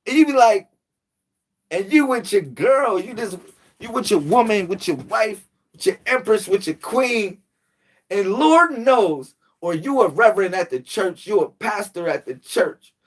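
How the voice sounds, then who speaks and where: A man's voice: high voice, animated, a little slow. A man telling a casual, slangy story to the camera, laughing often and jumping into quoted voices. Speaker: spiritual channel host.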